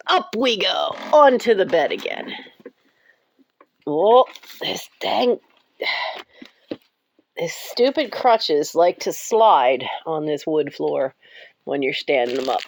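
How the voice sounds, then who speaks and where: A woman's voice: sits low, big pitch swings, takes it slowly, vocal fry, long pauses, slight background noise. A woman talking to her cats while filming at home, cooing and giggling often. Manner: baby-talks to cats, breaks into frequent giggles. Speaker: pet vlogger. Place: cold house, bedroom.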